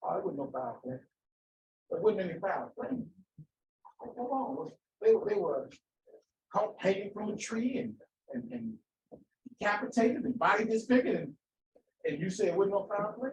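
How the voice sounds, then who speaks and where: Preaching a fiery sermon in a fairly high voice, this man drives his points home with rhetorical questions and repetition, animated and at a moderate pace with long pauses. He sits far from the mic in an echoey room with a faint hum, and the highs are cut off.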